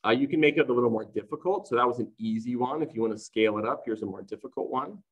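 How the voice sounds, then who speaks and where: A man's voice: mid-range voice, quick pace, slightly rough, highs cut off. A man presenting to fellow teachers in an online conference talk, explaining classroom activities in a chatty way and often checking in with "right?".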